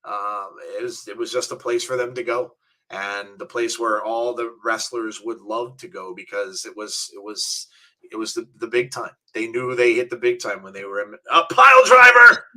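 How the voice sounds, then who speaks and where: A man co-hosting a wrestling watch-along, calling the action play by play and chatting casually, shouting at the big moments. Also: on the low side, moderate pace. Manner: excitable, calls the action and shouts at big moves. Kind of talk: live play-by-play and casual chat.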